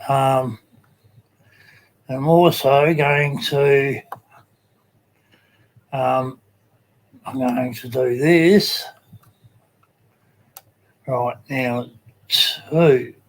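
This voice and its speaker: A man hosting a casual livestream, greeting viewers in the chat by name with many halting fillers. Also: mid-range voice, steady tone, poor audio. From Australia. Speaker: livestream host.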